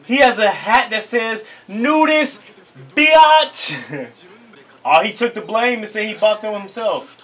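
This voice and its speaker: A man doing an excited, casual reaction commentary to an anime episode, hyped and slangy, laughing often. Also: high voice, normal speed.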